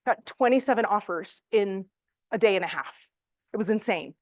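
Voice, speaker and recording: A middle-aged woman teaching real estate agents in a training room, chatty and animated, with fillers. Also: medium pitch, moderate pace, no echo. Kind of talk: classroom training talk.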